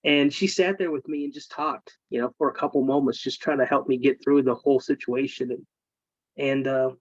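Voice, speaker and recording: A man, a military veteran guest, telling personal stories in a casual interview, earnest and emotional with halting fillers. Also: medium pitch, fairly even intonation, no room sound. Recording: dull, dry remote call audio.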